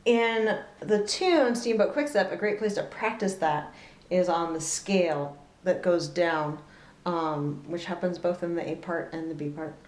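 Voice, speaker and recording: A woman giving a relaxed spoken fiddle lesson, thoughtful, often pausing with fillers as she explains bowing. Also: on the low side. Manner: thoughtful, with fillers and soft laughs, counting beats aloud. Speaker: fiddle teacher. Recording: roomy echo with loud fiddle playing.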